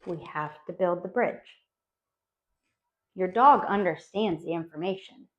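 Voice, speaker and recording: A woman dog trainer explaining training phases to owners, animated and acting out little voices for dogs and owners. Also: mid-range voice. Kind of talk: spoken instructional talk to dog owners. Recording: dull lo-fi sound.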